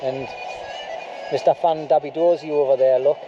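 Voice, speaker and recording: A man's voice: on the high side, steady tone, normal speed, muffled recording. A middle-aged man, chatting casually to his handheld camera at an outdoor beach camp at night, rambling and self-deprecating. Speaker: bushcraft vlogger. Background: music playing.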